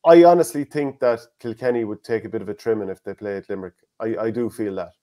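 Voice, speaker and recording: Fast-talking Irish man hosting. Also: fairly low pitch. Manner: fast, animated, reads listener comments aloud. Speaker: podcast host. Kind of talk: casual sports chat.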